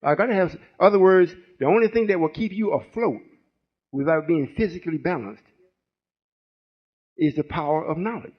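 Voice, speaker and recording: This spiritual teacher, a man in his sixties, rambles through a folksy sermon-like lesson and keeps checking in with his listeners, call-and-response style. His voice sits on the high side, expressive at a normal speed with long pauses. The recording is muffled and lo-fi.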